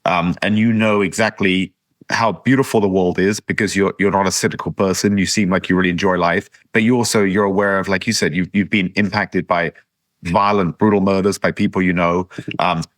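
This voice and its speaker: A man hosting a podcast, talking thoughtfully and haltingly, often repeating words as he searches. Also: deep voice, steady tone, no room sound, clean studio sound. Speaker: podcast host. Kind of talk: casual interview chat.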